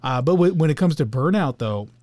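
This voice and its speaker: A man's voice: fairly high pitch, expressive, fairly quick, a little mellow, no room sound. A man co-hosting a casual talk about emotions, rambling with fillers and restarts, sometimes acting out coworkers. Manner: acts out coworkers in little skits. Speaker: podcast co-host.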